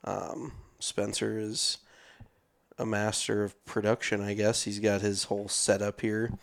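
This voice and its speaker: A man's voice: lowish voice, level tone, unhurried, gravelly. A young man co-hosting a golf podcast in casual, joking chat, swearing freely. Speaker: podcast co-host.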